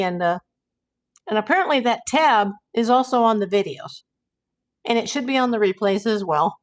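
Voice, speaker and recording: A woman's voice: fairly high pitch, lively intonation, moderate pace. A woman hosting her own live stream in a casual, chatty way, reading her own posts aloud to viewers. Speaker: YouTube live host.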